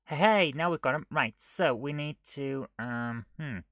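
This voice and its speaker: Male streamer, unhurried self-talk, close dry sound, drifts into mutters and scolds his tools. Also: mid-range voice, no echo. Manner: muttering to himself while he works, often dropping to a near whisper; chatty and self-mocking, scolding the software. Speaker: streamer coding a retro game live. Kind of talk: live coding stream commentary.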